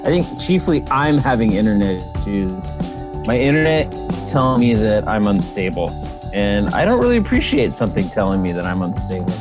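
A man co-hosting a casual devotional, playful and joking, pausing often with fillers. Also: on the low side, sing-song, over music. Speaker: devotional co-host.

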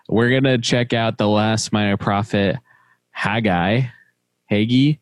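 Man, Midwestern accent, devotional co-host, relaxed and good-humored, close and dry. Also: lowish voice, takes it slowly, no room sound. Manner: easygoing, laughs often, reads scripture steadily. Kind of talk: casual devotional discussion.

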